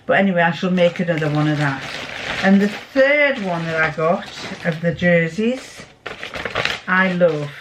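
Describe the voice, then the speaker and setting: A woman's voice: on the low side, background noise. A middle-aged woman chatting casually in a sewing vlog, rambling fondly through a homely story. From England. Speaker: sewing vlogger. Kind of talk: casual chat.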